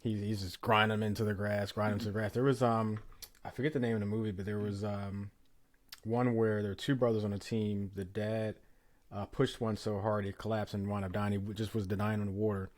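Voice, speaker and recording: A man hosting a podcast, talking in an easygoing way with many pauses and filler words. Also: on the low side, little pitch movement. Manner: easygoing, many ums and uhs. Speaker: podcast host. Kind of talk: casual conversation.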